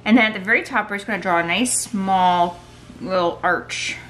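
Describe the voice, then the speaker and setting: A woman's voice: medium pitch, moderate pace, a bit bright, soft background music. A woman running a playful kids' drawing tutorial, telling a story and guiding each step. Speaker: art teacher for kids.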